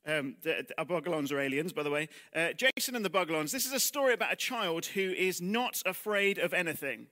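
A man's voice: fairly high pitch, animated, fairly quick, few pauses, sharp tone. A man preaching a sermon in church, talking conversationally with rhetorical questions and self-deprecating asides, dropping almost to a whisper on heavy lines.

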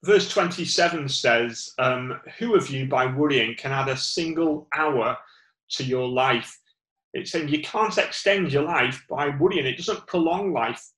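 A man's voice: medium pitch, measured pace, pushed and bright, roomy sound, low-quality recording. A man with a Northern English accent giving an informal sermon, rambling with many fillers and restarts. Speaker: preacher.

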